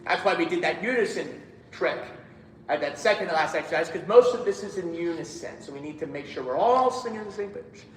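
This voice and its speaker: A man's voice: on the high side, lively intonation, a little fast, reverberant, in a large hall, slight background noise. A man directing a choir rehearsal, giving instructions and singing lines himself to show how they should go. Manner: demonstrates lines by singing, counts in.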